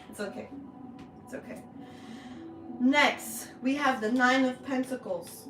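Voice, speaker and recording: A woman talks slowly and with feeling through a tarot energy reading. Her voice sits fairly high and sounds a little distant from the mic in an echoey room. Music plays behind her. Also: fairly bright tone, a little hiss or hum. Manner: slow, heartfelt and emotional, with drawn-out words. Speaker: spiritual reader, channel host.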